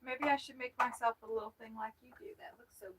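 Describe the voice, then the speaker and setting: A woman's voice: a little high, steady tone, fast, heavy background noise. A woman chatting casually on a livestream, joking around and laughing often. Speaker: livestream host.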